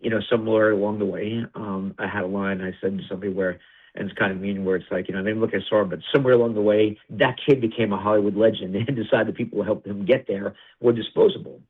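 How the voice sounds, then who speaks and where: Brief: middle-aged man, interview guest, rapid blunt storytelling, low husky voice, tinny phone-like audio. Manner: animated, blunt, swears freely, acts out dialogue. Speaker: guest, wrestling TV producer.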